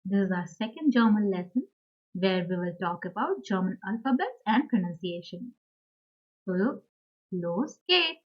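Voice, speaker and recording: A woman teaching a beginner language lesson, speaking slowly and repeating each word, with fillers and small self-corrections. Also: mid-range voice, animated, lo-fi sound.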